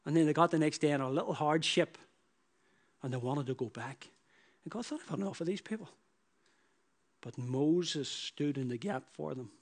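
A man preaching with a fairly high voice, driving his points home in repeated, swelling phrases. His delivery shifts between hushed, slowed lines and loud bursts. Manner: emphatic, repetitive preaching with rising bursts. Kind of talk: sermon.

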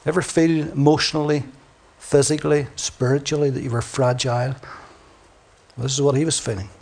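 A man preaching a sermon, reading scripture dramatically and swinging from booming declarations to hushed near-whispers. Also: flat delivery, moderate pace, creaky. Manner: reads scripture aloud dramatically.

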